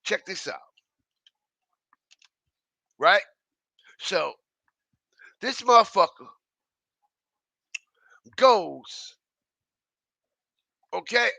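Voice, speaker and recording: In a high-pitched, gravelly, pushed and bright voice, a man delivers an animated but very slow online rant, pausing often. He's emphatic and profane, mocks freely, repeats himself and keeps checking in with his audience. No echo is present.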